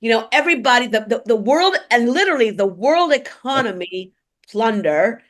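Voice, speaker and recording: A woman's voice: a little high, lively intonation, normal speed, fairly bright tone. A woman co-hosting a casual political chat, blunt and a little profane, who often restarts her sentences. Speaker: co-host.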